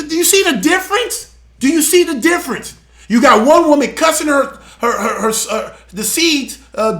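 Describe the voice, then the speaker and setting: A man's voice: very high voice, bright, forceful tone. A man hosting a live show, preaching emphatically and animatedly on scripture, often repeating words. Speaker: show host and church elder.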